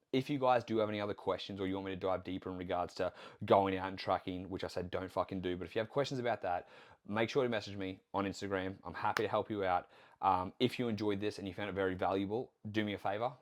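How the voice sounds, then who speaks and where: A man hosting his own podcast, talking casually into the mic as a nutrition coach. He rants bluntly and swears freely. His voice sits fairly low. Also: fast talker. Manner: blunt, heavily profane, animated ranting.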